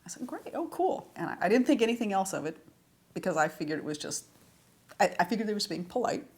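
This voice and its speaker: A woman's voice: mid-range voice, lively intonation, quick pace, husky. A woman, who wrote for the series, chatting through anecdotes in a retrospective interview and laughing often. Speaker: series writer.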